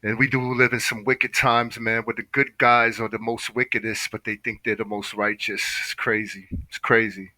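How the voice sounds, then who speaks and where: A man's voice: fairly low pitch, level tone, normal speed, few pauses, sharp tone, dry recording, poor audio. A man hosting a reaction video, talking in an impassioned, preachy way and saying "man" constantly. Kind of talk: casual reaction commentary.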